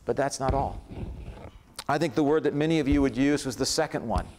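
A man's voice: mid-range voice, a little fast, darkish tone, slight background noise. A male pastor giving a conversational sermon in a church, building up emphatic lists. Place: church sanctuary.

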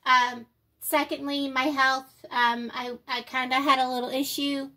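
Older woman, out of breath, high voice, bright tone, rambling casual vlog. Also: level tone, unhurried. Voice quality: slightly off speech. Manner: rambling, apologetic, lots of ums. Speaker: vlogger. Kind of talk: casual chat to camera.

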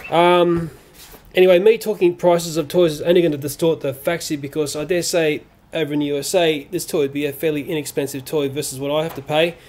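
A man's voice: sits high, darkish tone, slight background noise. A man casually reviewing a toy playset, chatty and given to exclamations like "oh dear.".

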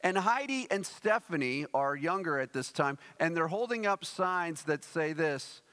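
A man preaching a sermon as a pastor, telling a story with lively acted-out quotes and then reading scripture aloud. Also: high-pitched, unhurried. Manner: animated storyteller, acts out quoted voices. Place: church sanctuary. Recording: long hall reverb.

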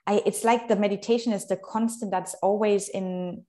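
A woman's voice: medium pitch, steady tone, normal speed, dark tone. A woman guest in casual conversation, talking candidly and expressively, swearing freely. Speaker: podcast guest, leadership consultant.

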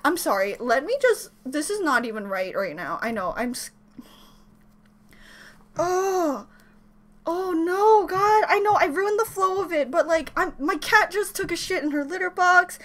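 Screaming, very high-pitched woman reacting. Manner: screams, gasps and exclaims constantly. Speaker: reaction video host. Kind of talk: excited reaction commentary. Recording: loud performance music behind. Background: loud music.

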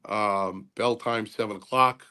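An older man, a host and former wrestler, talking in a halting, rambling casual way with many fillers and repeats. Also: fairly low pitch, steady tone, bright, forceful tone.

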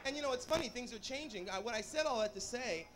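A man's voice: extremely high pitch, expressive, fast talker, fairly bright tone. A man performing as a drag queen, from Georgia, bantering with a club audience on a handheld mic in sassy, campy live stage chatter with a bubbly laugh. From Atlanta, Georgia. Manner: sassy, campy, calls people honey and baby. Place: nightclub stage. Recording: live club recording, noisy crowd.

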